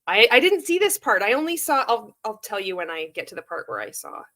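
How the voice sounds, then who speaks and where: A woman's voice: mid-range voice, big pitch swings, fairly quick, sharp tone. Sarcastic woman reacting to a clip. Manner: sarcastic, laughing, profane. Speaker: commentary vlogger. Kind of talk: reaction commentary.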